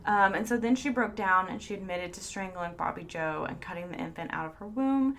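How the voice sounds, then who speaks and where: A woman's voice: fairly low pitch, brisk, fairly bright tone. A woman co-hosting a podcast, telling a story in a casual, chatty way and laughing often. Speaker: podcast co-host. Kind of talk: casual chat.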